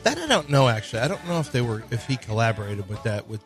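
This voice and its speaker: A man's voice: mid-range voice, sing-song, fast talker, faint music behind. A man co-hosting a radio show, joking around in casual banter. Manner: joking, puts on silly voices.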